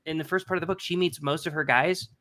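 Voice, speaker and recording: Crude, laughing married man, higher voice. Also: fairly even intonation, fast, pushed and bright. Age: adult. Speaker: podcast co-host. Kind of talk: casual chat.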